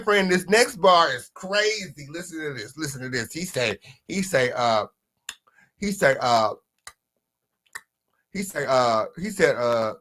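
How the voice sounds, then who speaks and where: A male commentary host reacts to a diss track, speaking a little slowly. He's sassy and animated, swinging between loud outbursts and low mutters, and he asks viewers to vote in the chat.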